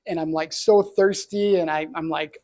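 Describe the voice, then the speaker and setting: A middle-aged man from Canada tells his own story with earnest, reflective feeling. His voice sits a little high and has a gravelly, creaky edge. He speaks as an entrepreneur sharing what happened to him. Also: steady tone, moderate pace, warm tone. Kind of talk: personal storytelling talk.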